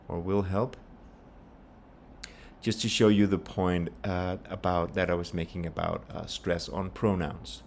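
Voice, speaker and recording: Very deep-voiced man teaching pronunciation. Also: darkish tone, slight background noise. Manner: patient, explanatory, repeats example phrases slowly. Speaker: language teacher. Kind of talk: pronunciation lesson.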